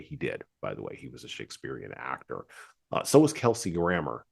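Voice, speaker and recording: A man's voice: a bass voice, husky. A man hosting a podcast, talking casually and drifting into chatty asides. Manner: digressive, chatty, many asides. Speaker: podcast host.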